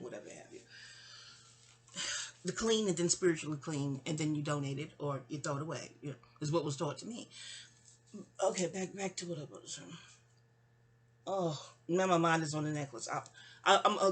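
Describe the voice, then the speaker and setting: A woman's voice: sits low, expressive, a little fast, breathy edge. A woman, telling her life story in a rambling, digressive way, often breaking off and circling back. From New York City. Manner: digressive, self-interrupting, sighing asides. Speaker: memoir narrator.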